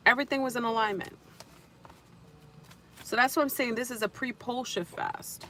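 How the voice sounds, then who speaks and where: A woman's voice: on the high side, steady tone, moderate pace, sharp tone, a little hiss or hum. A woman hosting a casual livestream, telling a spiritual story in a rambling way and repeating and restarting her phrases.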